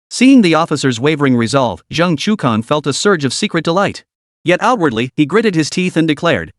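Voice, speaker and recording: Lively, dry-voiced male narrator. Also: fairly high pitch, a little fast, no room sound. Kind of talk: scripted audiobook narration.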